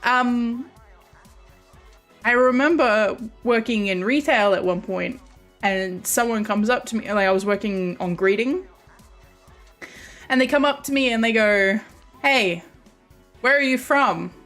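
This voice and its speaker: A woman's voice: fairly high pitch, unhurried, long pauses, a bit bright, faint music behind. A woman streamer with a light Australian accent, chatting casually to her viewers in a rambling way, often restarting and correcting herself.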